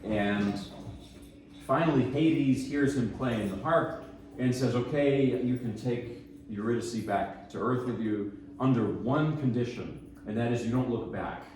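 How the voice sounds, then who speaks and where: A man introducing pieces at a piano recital, relaxed and rambling, with self-deprecating asides. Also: medium pitch, unhurried, a little hiss or hum. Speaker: pianist giving a lecture recital. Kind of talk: casual spoken introductions between pieces. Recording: echoey room, mic at a distance.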